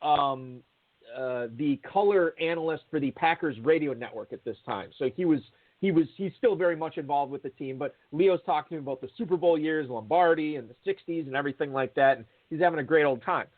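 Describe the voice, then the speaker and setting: A man tells a long, meandering story in a relaxed, chatty way, stopping often for fillers and restarts. His voice sits a bit high. The sound is thin and tinny, like a phone line. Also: brisk. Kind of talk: casual anecdote over a call.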